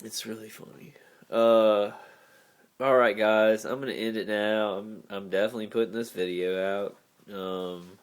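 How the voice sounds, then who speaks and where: Emotional rambling man with a low voice. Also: fairly even intonation, normal speed, clean tone. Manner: emotional, rambling, heavy on fillers. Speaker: vlogger. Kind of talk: confessional video journal.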